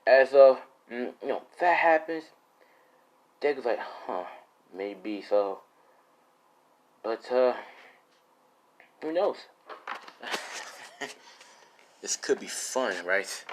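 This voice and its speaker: A man's voice: mid-range voice, animated, takes it slowly, pauses often, slight background noise. A young man improvising a fan-fiction story, rambling and casual, swearing often and full of fillers.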